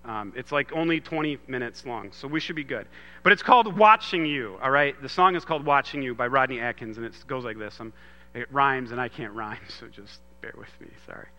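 Earnest bright-voiced man preaching. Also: medium pitch, brisk, long reverb tail. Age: 30s. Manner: earnest, swings from loud emphasis to hushed storytelling. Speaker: pastor. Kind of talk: sermon.

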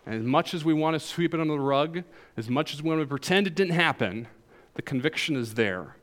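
Animated Southern pastor, man, lively pitch. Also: a little fast. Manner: animated, jokes with the congregation. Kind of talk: sermon.

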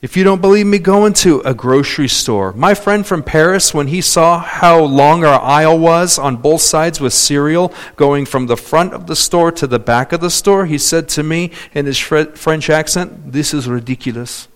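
A man preaching a sermon, calling out for amens and hallelujahs, swinging between loud emphatic points and quiet asides. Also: a little high, moderate pace, few pauses. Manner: animated, calls for amens and hallelujahs.

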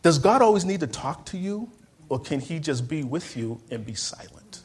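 A man's slightly high, husky voice rises and falls in a sing-song way as he preaches a church sermon at a moderate pace. Repeating phrases and calling for responses from the congregation, he veers from loud outbursts to hushed words.

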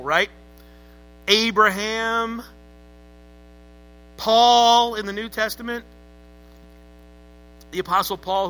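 A man's voice: high voice, bright, forceful tone, low-quality recording. A man preaching a sermon to a congregation, emphatic and calling on them to answer back. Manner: emphatic, calls for congregation responses. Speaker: pastor.

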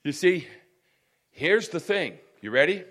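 A man preaching a sermon, dropping "praise God" and "amen" between points and rising to loud, emphatic stretches. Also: on the high side, sing-song, measured pace.

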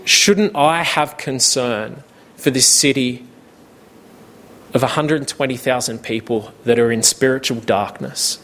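A man preaching a sermon in a slow, measured way, with casual asides. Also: mid-range voice, fairly bright tone, a little hiss or hum. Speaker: pastor.

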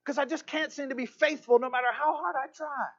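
A man's voice: extremely high pitch, steady tone, a bit bright, muffled recording, pitched above the performer's own voice. A man voicing a discouraged young man who stammers and rambles anxiously about his failures. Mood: anxious pleading. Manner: rushed, stammering, pleading.

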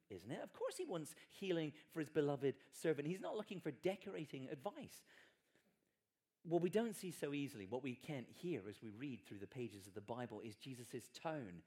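Preacher, male, mid-pitched, chatty sermon delivery with dry humor. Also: a little mellow. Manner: conversational, emphatic, wry asides.

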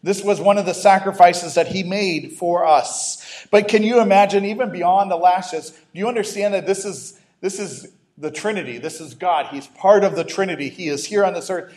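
A man's voice: sits high, moderate pace, hardly any pauses, a little mellow. A man preaching a sermon as a pastor, conversational, breaking off into humorous asides and restarts.

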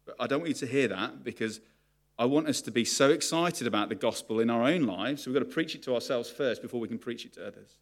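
A man's voice: medium pitch, fast talker. A man preaching a sermon to his congregation, candid and confessional about his own struggles. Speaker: pastor.

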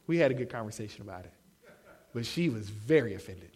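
A young man preaching a sermon, animated, acting out the quotes he shouts. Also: on the low side, fast, slightly rough. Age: young adult. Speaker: pastor.

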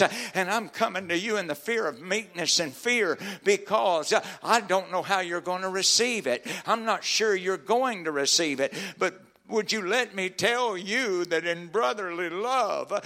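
A man preaching a sermon, moving from quiet, measured teaching to loud, near-shouted preaching, with stammers and repeated words. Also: fairly high pitch.

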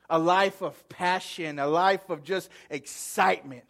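A man preaching a sermon as pastor, repeating key words with long pauses and swinging from loud to hushed. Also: on the high side.

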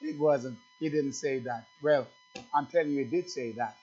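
A man's voice: normal speed, faint music behind. Fiery preacher man, lo-fi sound. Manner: emphatic, rising to loud fervent bursts then dropping low and conversational; asks the congregation questions. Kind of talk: sermon. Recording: dull lo-fi church recording.

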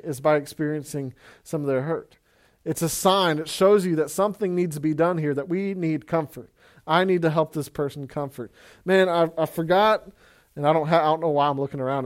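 A man with a high voice delivers a sermon in a relaxed, chatty way. He talks to his listeners like a friend, sprinkling in fillers and the word "man". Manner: conversational, many fillers, says "man" often. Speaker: pastor. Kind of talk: casual sermon.

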